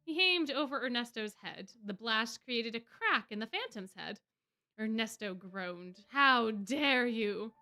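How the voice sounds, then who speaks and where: A woman streamer reading fan fiction aloud in an expressive way. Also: fairly high pitch, unhurried. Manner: expressive, laughing asides.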